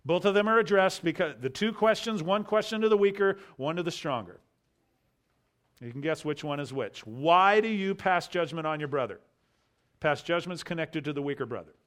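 Emphatic male preacher, slightly high voice. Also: a little fast. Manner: emphatic, rhetorical questions, drops to quiet asides. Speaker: pastor. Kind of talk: expository sermon.

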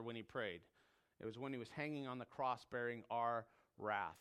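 Man, pastor, sermon, emphatic, repeats words, a bit high-pitched. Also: steady tone, normal speed, clean tone. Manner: emphatic, repeats words, drops soft when quoting scripture.

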